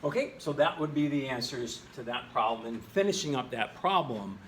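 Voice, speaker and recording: A male chemistry teacher recording a lesson at a whiteboard in his classroom, playful and jokey, often jumping into high exclamations. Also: lively intonation, moderate pace, a bit bright, slight background noise. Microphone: camera in the room.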